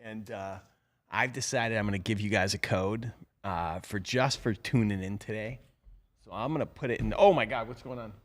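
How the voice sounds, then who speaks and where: A man's voice: fairly low pitch, normal speed, a bit bright. A middle-aged man hosting a live show, talking casually in a rambling, chatty way full of fillers. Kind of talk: casual live-stream talk.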